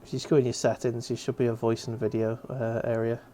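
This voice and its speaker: A man's voice: mid-range voice, flat delivery, fast talker, mellow, soft background music. A man hosting a casual painting stream, chatty and loose, swearing now and then and fumbling with his setup. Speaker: stream host. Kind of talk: casual chat while painting.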